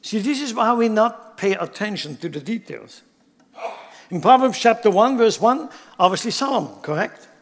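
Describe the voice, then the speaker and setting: High-voiced man preaching in a reverberant hall. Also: lively intonation, normal speed. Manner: emphatic, asks the congregation rhetorical questions. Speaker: pastor. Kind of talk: sermon.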